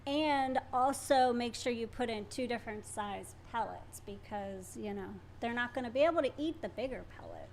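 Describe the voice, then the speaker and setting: A woman co-hosting a casual livestream Q&A, answering in an easygoing way with quick short replies. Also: fairly high pitch, slight background noise. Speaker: co-host.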